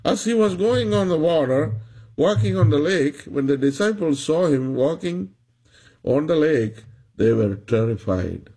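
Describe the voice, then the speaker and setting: A man preaching a sermon, retelling a story in a slow, halting way with many restarts. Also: fairly high pitch, animated, dark tone, husky.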